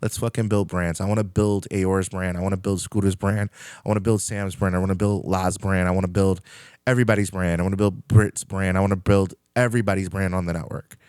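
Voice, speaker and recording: A man's voice: low voice, level tone, fairly quick, a little mellow, clean tone, no echo, studio quality. A man hosting a podcast, talking in a rambling, candid casual monologue and swearing freely. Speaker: podcast host.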